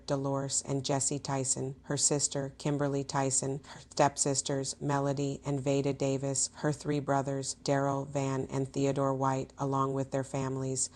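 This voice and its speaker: Very low, flat-voiced woman reading. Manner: steady, formal listing of family names. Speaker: obituary reader. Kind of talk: reading an obituary aloud.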